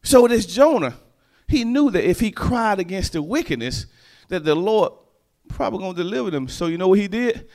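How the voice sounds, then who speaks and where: Animated, high-voiced male preacher. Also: normal speed. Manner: animated, call-and-response, storytelling. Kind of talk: sermon.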